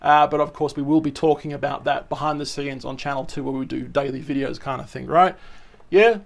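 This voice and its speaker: A man's voice: medium pitch, steady tone, fairly quick, gravelly. An Australian man vlogging casually, chatty and showing things off, often tagging his sentences with "right?" and "okay?". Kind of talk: casual show-and-tell vlog.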